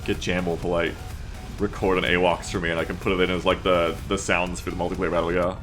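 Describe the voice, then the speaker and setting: With soft music playing behind him, a thirty-something Australian streamer with a lightly Australian, mixed Anglosphere accent reads his chat and rambles about gaming, swearing here and there. His low voice is fast and fairly bright but flat in delivery.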